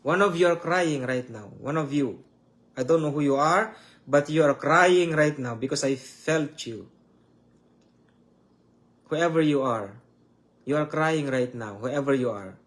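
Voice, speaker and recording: A man preaching and praying online, emotional and repetitive, with halting restarts. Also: fairly high pitch. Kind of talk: online sermon with prayer.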